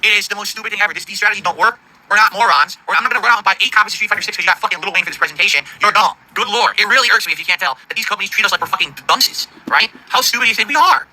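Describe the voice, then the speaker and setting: A middle-aged man livestreaming, ranting in an indignant, profane, rapid-fire way about his audience and the games industry. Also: high voice, sharp tone, poor audio. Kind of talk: angry stream rant.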